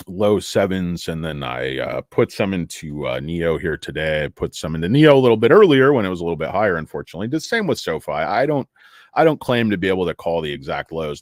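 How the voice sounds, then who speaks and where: A man's voice: low voice, no room sound, studio quality. A man hosting a casual stock livestream, rambling and joking sarcastically as he talks to his chat from his office. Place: home office.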